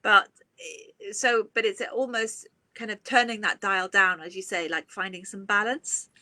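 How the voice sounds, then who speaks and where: A woman's voice: mid-range voice, fairly even intonation, unhurried, bright, forceful tone, no echo. A woman hosting a casual live chat, talking in a chatty way with many asides.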